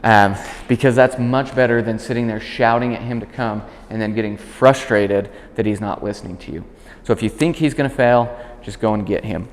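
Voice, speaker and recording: A man leads a dog training lesson in a fairly low voice, laying out each step calmly before he snaps out crisp commands to the puppy. A long reverb trails his words. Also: moderate pace. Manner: explains calmly, then barks short clear commands at the dog. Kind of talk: instructional demonstration.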